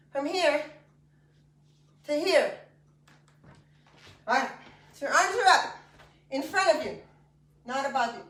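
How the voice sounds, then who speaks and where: A woman fitness instructor leads a class through exercises, chatty and encouraging, tossing in joking asides. Her voice is high-pitched and a bit bright, caught from a distance, off-mic in an echoey room.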